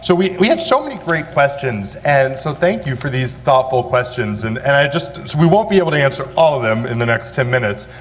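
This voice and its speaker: Male moderator, mid pitch, affirming and wrapping up; big-hall reverb. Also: big pitch swings, a little fast, few pauses. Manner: affirming, wraps up and thanks the panelists. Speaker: panel moderator. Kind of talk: panel discussion. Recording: long reverb in a large hall.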